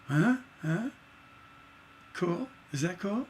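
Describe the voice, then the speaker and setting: Gravelly, slow-talking man teaching songwriting. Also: fairly high pitch, slight background noise. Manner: enthusiastic, sings rhythm syllables to demonstrate. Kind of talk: livestream lesson.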